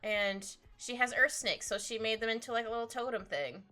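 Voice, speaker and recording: A woman streaming her drawing session, chatting casually in a rambling, excitable way with frequent laughter. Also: fairly high pitch, a little fast. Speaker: art streamer. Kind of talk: casual chat while drawing live. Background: faint background music.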